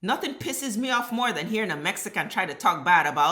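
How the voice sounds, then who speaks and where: A woman's voice: mid-range voice, animated, fairly quick, sharp tone, roomy sound. A woman vlogger delivering a blunt, heated, profane commentary rant. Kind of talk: ranting social commentary.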